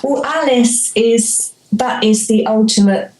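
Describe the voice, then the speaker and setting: A woman's voice: a little high, takes it slowly, a little mellow, reverberant, low-quality recording. A woman from Croydon with a South London accent, guesting on an interview over a video call, chatting animatedly and slipping into playful put-on voices. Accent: South London English. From Croydon, England. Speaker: musician guest. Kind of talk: casual interview chat.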